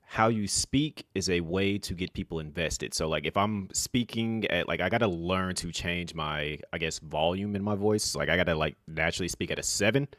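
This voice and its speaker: A man talking casually to camera as a vlogger, in a flat, monotone, rambling way. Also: deep voice, moderate pace, few pauses, no echo, clean studio sound. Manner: self-described monotone, relaxed and rambling with fillers.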